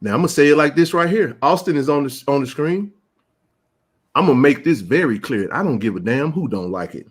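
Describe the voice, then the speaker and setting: A man hosting a live sports chat, ranting with passion and rising to shouts. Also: on the high side, animated, brisk, breathy edge. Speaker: sports talk show host.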